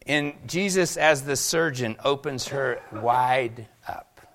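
A man preaching a sermon to his congregation, animated, asking rhetorical questions and acting out quotes. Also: mid-range voice, slow, a little hiss or hum. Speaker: pastor.

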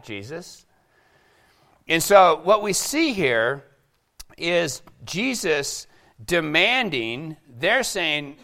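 A man from Seattle preaching a sermon, lively and acting out the quoted voices. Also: fairly high pitch, a little slow. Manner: animated, acts out quoted voices. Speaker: pastor.

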